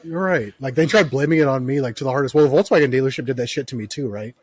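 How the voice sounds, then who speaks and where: A man's voice: mid-range voice, very fast, darkish tone, breathy edge, no room sound. Male podcast host with a mid-range voice, rambling profane anecdotes, dead-dry booth. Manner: profane, storytelling, heavy filler words. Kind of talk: casual chat.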